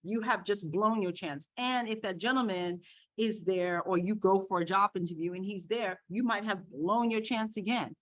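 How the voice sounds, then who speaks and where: A woman guest telling a story in a casual, animated way, laughing along. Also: medium pitch, moderate pace. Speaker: podcast guest, makeup artist. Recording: dull lo-fi sound.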